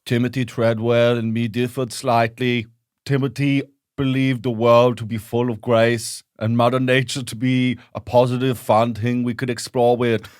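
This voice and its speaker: A man doing an impression of an older filmmaker, speaking slowly and gravely. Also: mid-range voice, level tone, dry recording, studio quality, lightly acted. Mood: solemn.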